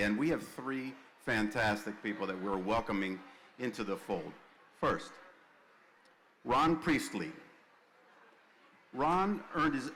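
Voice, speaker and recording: A man in his sixties from Cuba, serving as class historian, hands out honors with a joking, chatty manner and plenty of asides. His voice sits somewhat low, with faint noise in the background. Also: a bit bright. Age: 60s. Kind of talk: joking ceremonial announcement.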